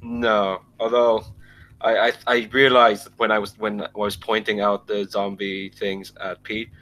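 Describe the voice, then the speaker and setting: A man playing a tabletop game, talking in a halting way with stammered starts. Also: lowish voice, level tone, fairly bright tone, rough recording. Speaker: player. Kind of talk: casual tabletop play.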